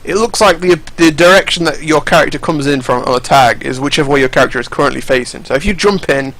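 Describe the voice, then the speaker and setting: A man's voice: fairly high pitch, fast, fairly bright tone, rough recording. Rambling, cursing young man. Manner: rambling, profane, frequent restarts. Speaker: fighting game commentator. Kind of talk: casual commentary over game footage.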